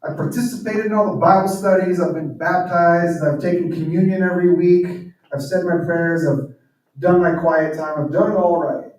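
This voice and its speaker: Man putting on a resentful older son, whiny and pitched up, roomy and distant. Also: steady tone, moderate pace, darkish tone, close to an everyday voice. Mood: frustrated. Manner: raised, complaining. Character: frustrated entitled older son, young man. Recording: echoey hall, distant mic.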